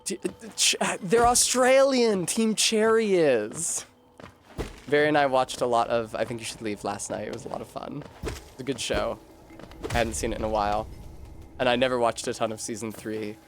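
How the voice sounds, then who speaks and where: A man's voice: mid-range voice, steady tone, brisk, a little hiss or hum. A man streaming a game, chatting casually in a rambling, self-deprecating way to his viewers. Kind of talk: casual gameplay chat.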